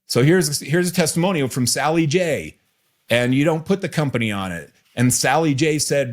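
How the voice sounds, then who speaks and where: A man hosting a podcast, giving business advice in a relaxed, teasing way and repeating key phrases. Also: on the high side, moderate pace. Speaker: podcast host.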